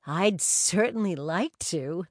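A woman's voice: lively intonation, slow pace, no room sound, clean studio sound. A woman doing a flirty blonde New Yorker. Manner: high, giggly, flirty.

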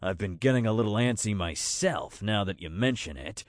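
Snowclaw, a man doing a deep amiable beast. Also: lively intonation, moderate pace, no echo, studio quality, close to an everyday voice. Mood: puzzled. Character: amiable cat-bear creature, gruff male.

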